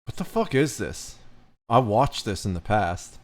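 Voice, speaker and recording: A man from the United States streaming, reacting to videos and telling stories in an animated, rambling way. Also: fairly low pitch, measured pace.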